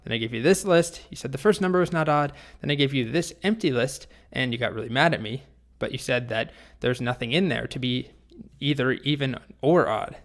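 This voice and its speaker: A man's voice: medium pitch, a little fast, lightly acted. A man voicing an earnest, polite young boy apprentice in a spoken story. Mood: triumphant.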